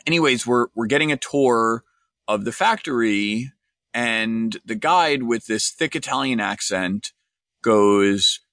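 A male podcast host speaks in a solo monologue at a mid pitch, telling stories with a wry edge and analysing in an earnest tone. The recording is close and dry, with no room reflections. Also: slow, fairly bright tone, dry recording.

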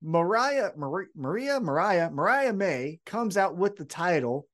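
Man, podcast co-host, lively swooping pitch, acts out quotes. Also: measured pace. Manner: animated storytelling, acts out quotes in higher voice. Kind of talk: casual wrestling recap chat.

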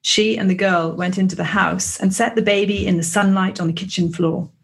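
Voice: mid-range voice, steady tone, gravelly. Voice reading a novel passage aloud. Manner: measured literary reading, doing American voices for characters. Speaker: book club member.

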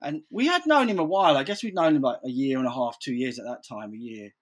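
A man's voice: mid-range voice, animated, fast talker. A man telling stories in casual chat, rambling, swearing freely and saying "like" constantly.

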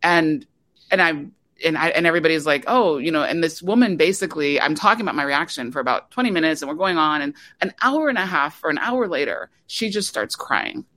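Animated woman telling a story. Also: low voice, fairly quick. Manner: animated storyteller, many fillers and restarts. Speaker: documentary director, guest. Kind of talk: conversational interview.

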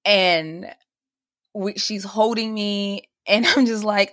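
A woman's voice: medium pitch, fairly even intonation, slow, pushed and bright, no echo, clean studio sound. A young woman, a podcast guest, telling a personal story in casual chat and acting out the voices of the people in it. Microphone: remote call mic.

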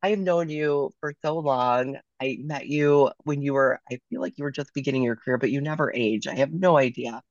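A hoarse woman co-hosting a podcast, effusive and gushing as she chats with her guest. The recording sounds dull and muffled, with a dry, close sound and no room in it. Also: extremely low pitch, moderate pace, few pauses, dry recording. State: hoarse from a cold. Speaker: podcast co-host. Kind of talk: casual interview chat.

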